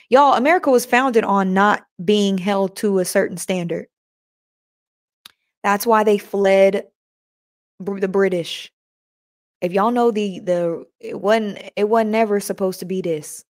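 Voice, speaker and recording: A woman's voice: medium pitch, a little slow. A woman hosting a casual faith podcast live stream, chatting with listeners and reading their comments aloud.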